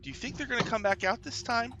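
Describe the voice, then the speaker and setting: A man's voice: very high-pitched, fast talker, lo-fi sound, background noise, pitched above the performer's own voice. A man voicing chatty, polite male elf guards at a dungeon gate, hesitating as they talk.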